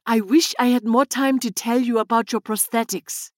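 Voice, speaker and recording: A woman's voice: fairly high pitch, steady tone, normal speed, darkish tone, no echo, clean studio sound, close to an everyday voice. A woman voicing a caring scientist who explains things in a hurry. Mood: urgent.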